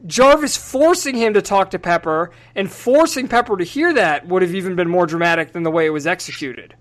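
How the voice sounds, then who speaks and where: A man's voice: high-pitched, animated, a little fast, fairly bright tone. A man hosting a casual film podcast, talking through scenes analytically and acting out bits with energy. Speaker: podcast host.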